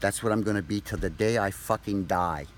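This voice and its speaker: A man ranting angrily to camera, profane and accusatory, shouting at times. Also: lowish voice, brisk, a little hiss or hum. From Canada. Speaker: vlogger. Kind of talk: angry direct-to-camera rant.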